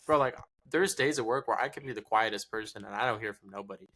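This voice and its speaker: Man, podcast co-host, rapid, swearing freely, acts out quotes. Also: fairly low pitch. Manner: profane, animated storytelling with acted-out quotes. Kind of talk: casual chat.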